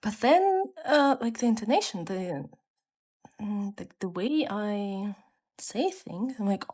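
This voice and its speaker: A woman with a mixed non-native English accent, chatting casually with viewers on a live stream and slipping into soft whispered asides. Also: medium pitch, big pitch swings, slow. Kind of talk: casual live-stream chat while coloring.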